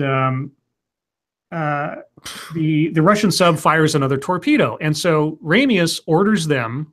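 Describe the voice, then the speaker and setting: Guy recapping a movie plot, bit high voice, lots of ums and restarts. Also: fairly bright tone. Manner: rambling retelling with fillers and restarts. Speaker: podcast co-host. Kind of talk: casual movie recap chat.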